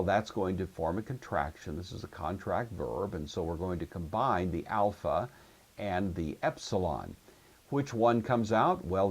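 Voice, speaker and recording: A man with a low, slightly husky voice gives a patient grammar lecture. He walks through each rule step by step and stops to check that his listeners follow. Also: a little mellow. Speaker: Greek teacher. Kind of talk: recorded classroom lecture.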